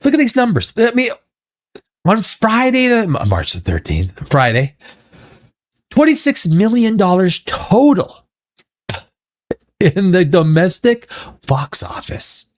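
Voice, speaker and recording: A man's voice: high-pitched, huge pitch swings, takes it slowly, pauses often. A man hosting a casual pop-culture commentary show, rambling with stammered restarts and breaking into profane rants. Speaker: show host.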